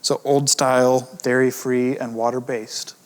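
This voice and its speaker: A man of middle pitch teaching a grammar lesson in a loose, conversational style. He slows down to stress each example word and drops in fillers and restarts as he talks. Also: flat delivery. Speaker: grammar course teacher, editor. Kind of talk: recorded lesson.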